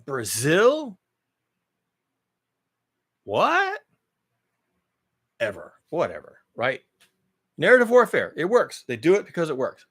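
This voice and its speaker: Brief: male host, fairly high voice, sarcastic profane rant, repeats himself, drops to mutters then flares up loud. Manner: sarcastic, swearing, repeats phrases for emphasis; swings between low mutters and loud outbursts. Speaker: channel host. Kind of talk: ranting commentary on news.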